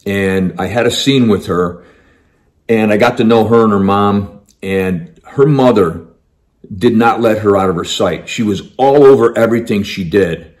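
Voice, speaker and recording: Man, lowish voice, storytelling, emphatic, conversational. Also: a little slow, a little mellow. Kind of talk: personal storytelling.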